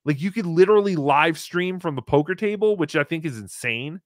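Male call-in podcast host, fairly high voice, dry close mic, wry and rambling with casual swearing. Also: animated, fairly quick, no room sound. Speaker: podcast host taking calls.

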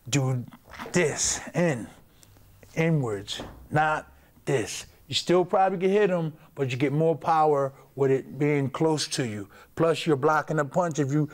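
A man's voice: a little high, a little mellow. A man, a former champion, casually demonstrating a punch and repeating himself as he shows the moves. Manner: loose, repetitive, talking while demonstrating moves. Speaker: boxing coach.

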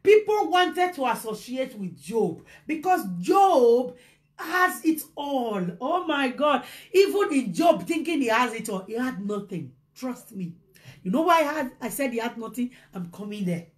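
Woman preacher, high voice, impassioned sermon, bursts of shouting, drops to hushed tones. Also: big pitch swings, measured pace. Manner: impassioned, swings from shouts to hushed low lines. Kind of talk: motivational sermon.

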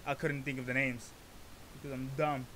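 A man casually reacting to a rap song, rambling through explanations and breaking into excited interjections. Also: medium pitch, moderate pace, over a noisy crowd.

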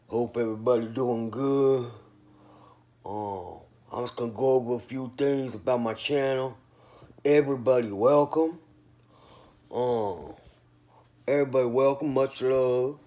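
A man's voice: mid-range voice, mellow. Boastful man rambling in street slang. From North Carolina. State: sleepy. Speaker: vlogger. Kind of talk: casual monologue to camera.

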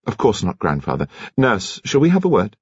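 A man reading an audiobook voices a kind young doctor, gentle and attentive. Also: fairly low pitch, wildly swooping pitch, brisk, slightly rough, dry recording, lo-fi sound, pitched above the performer's own voice, heavily acted. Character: young male doctor, kindly grandson.

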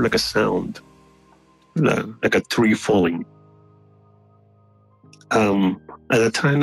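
A man whose first language is not English tells his story in a husky voice with some fry. He speaks earnestly, often restarting and clearing his throat. The recording is dry and close. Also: on the low side, dry recording, rough recording. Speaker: guest telling an encounter story.

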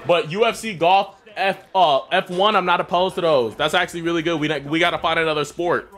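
A young man from the Atlanta area, streaming and commentating his own sports video games, swearing and yelling at plays. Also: a little high, fairly quick, slight background noise. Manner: excitable, swears a lot, yells at plays. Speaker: gaming streamer. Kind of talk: casual gaming commentary.

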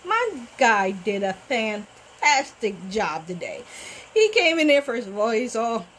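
Animated woman recapping a TV show. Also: fairly high pitch, measured pace, a little hiss or hum, poor audio. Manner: animated, talks back to the characters. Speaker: TV recap vlogger. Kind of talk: casual soap-opera recap.

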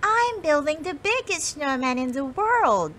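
Woman doing a squeaky, cheery little girl mouse. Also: sing-song, slow pace, heavily acted. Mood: excited. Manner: squeaky, bright exclamations.

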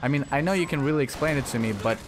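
A man commenting while playing a shooter game, excitable and swearing, often yelling at enemies. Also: mid-range voice, rapid-fire, over music. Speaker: gaming channel host. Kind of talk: let's play commentary.

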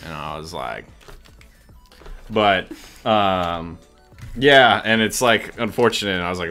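A man's voice: deep voice, expressive, a little slow, fairly bright tone, faint music behind. A man co-hosting a livestream, chatting casually and joking while building. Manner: chatty, laughs often, jokey. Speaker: co-host.

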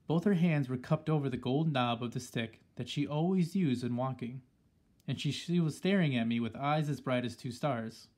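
A man reading a children's story aloud in a steady, plain storytelling manner. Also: mid-range voice, moderate pace. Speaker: audiobook reader. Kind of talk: storybook narration.

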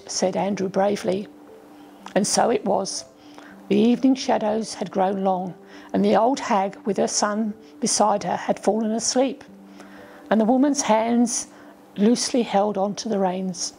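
A woman reading her own children's story aloud as a storyteller, gently voicing the children's lines. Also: medium pitch, steady tone, moderate pace, gravelly, slight background noise. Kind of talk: storybook narration.

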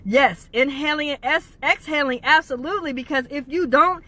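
A woman life coach giving a motivational talk. She is emphatic, asks rhetorical questions and swings her pitch widely. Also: moderate pace, fairly bright tone.

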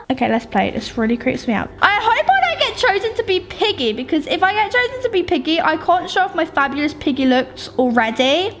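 A woman with a very high voice that leaps all over the place. She narrates her game in an excitable, playful running chatter, close to a desktop mic. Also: a little fast, hardly any pauses. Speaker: gaming YouTuber. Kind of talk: Roblox gameplay commentary.

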